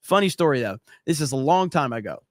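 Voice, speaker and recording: Man, podcast host, blunt and profane, rather high voice, dry close mic. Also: lively intonation, fairly quick, no echo. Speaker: podcast host reading live chat. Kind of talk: casual livestream chat and storytelling.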